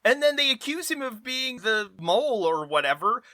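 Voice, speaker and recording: A podcast co-host man ranting in casual chat, his pitch leaping around as he fires off incredulous questions. His tone is bright and edged. The sound is close and dry, with no room around it. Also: normal speed, dry recording. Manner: incredulous, animated rants with rhetorical questions.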